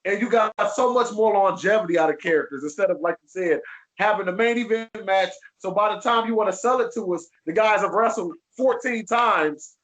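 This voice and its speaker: A man in his forties hosts with fan-like enthusiasm. His voice sits very high and rings in an echoey room. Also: brisk, a bit bright, highs cut off. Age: 40s. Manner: enthusiastic, fan-like, repeats "you know what I'm saying". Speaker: podcast host. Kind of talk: casual chat. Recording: roomy, echoey room sound.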